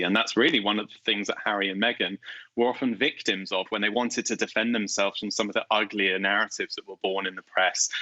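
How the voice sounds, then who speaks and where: A man answering interview questions as an author, in a measured, articulate way with light emphasis. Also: on the low side, pushed and bright, no echo, highs cut off. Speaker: guest author.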